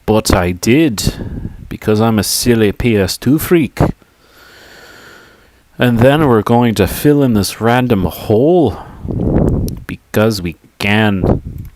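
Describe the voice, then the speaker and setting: A man's voice: fairly low pitch, animated, takes it slowly, pauses often, background noise. A man livestreaming a game, chatting casually in a goofy, rambling, self-mocking way. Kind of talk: casual gaming commentary.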